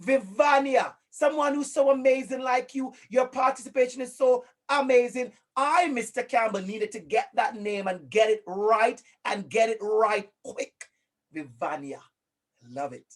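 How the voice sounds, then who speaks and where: Over a video call, an encouraging, energetic man from Jamaica runs an interactive online workshop in his Jamaican accent, repeating phrases often to stress them. He speaks at normal speed with a very high pitch and few pauses.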